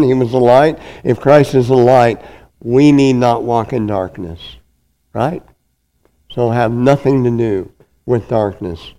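A man's voice: medium pitch, warm tone, poor audio. A man preaching a sermon with an emphatic, repetitive cadence.

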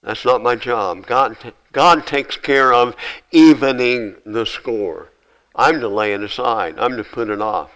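A man preaching a sermon as pastor, repeating short commands and swinging between loud exhortation and quiet asides. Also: mid-range voice, unhurried, smooth, poor audio.

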